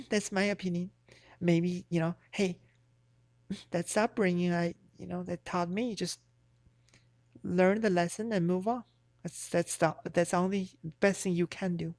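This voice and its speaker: A woman's voice: lowish voice, fairly even intonation, unhurried, pauses often, darkish tone, dry recording. Blunt, swearing woman streamer, dry sound. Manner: blunt, profane, rambling. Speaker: livestreamer. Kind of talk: casual stream chat.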